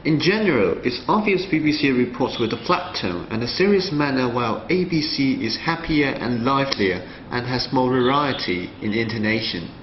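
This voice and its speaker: A male student presenter reading a scripted analysis in a measured way. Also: medium pitch, animated, slight background noise. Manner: reads a prepared analysis in a measured way. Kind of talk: scripted narration. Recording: roomy, slightly dull sound with faint ambience.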